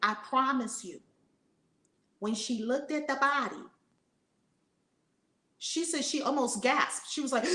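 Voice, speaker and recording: A woman's voice: high voice, slow, long pauses. Middle aged woman preaching spiritual stuff, emphatic, repeats herself, swears casually, roomy echo. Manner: emphatic, repetitive, swings between loud and hushed. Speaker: spiritual teacher. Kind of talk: impassioned spiritual talk.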